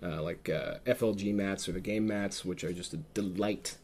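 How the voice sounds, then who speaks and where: A man's voice: low-pitched, fairly even intonation, normal speed, darkish tone. A man hosting a podcast in casual chat, rambling with dry sarcastic asides. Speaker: podcast host.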